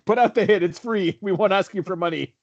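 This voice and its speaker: A man's voice: high voice, a little fast. A man with a slightly raised voice co-hosts a charity livestream, laughing a lot and calling on listeners in a jokey, rallying way. His audio sounds a little dull. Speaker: charity stream co-host. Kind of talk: joking livestream chat.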